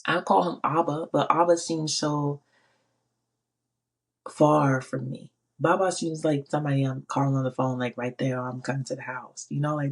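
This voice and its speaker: A woman's voice: low-pitched, steady tone, moderate pace, slightly rough. A middle-aged woman giving a personal faith testimony, emphatic and repeating her phrases. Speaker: faith speaker.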